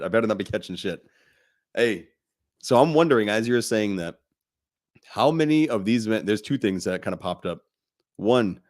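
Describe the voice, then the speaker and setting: Blunt low-voiced male podcast co-host. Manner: blunt, profane, laughs often. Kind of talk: casual podcast chat.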